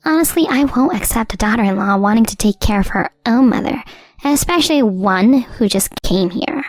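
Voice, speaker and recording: A woman's voice: on the high side, animated, normal speed, no echo, clean studio sound. A woman voicing a cold, bossy older mother-in-law who talks down to her daughter-in-law. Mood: scornful. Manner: dismissive, bossy.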